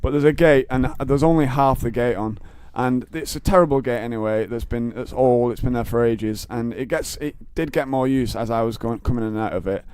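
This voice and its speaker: A man's voice: medium pitch, brisk, few pauses, darkish tone, smooth, no echo. A young man telling a story in casual chat, rambling with stammered restarts. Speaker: comedian guest.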